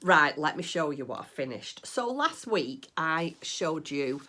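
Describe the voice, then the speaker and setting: A woman's voice: low voice, sing-song, unhurried, sharp tone, a little hiss or hum. A middle-aged woman chatting casually about her crafting at home, rambling and gushing with delight. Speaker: crafting vlogger. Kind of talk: casual chat.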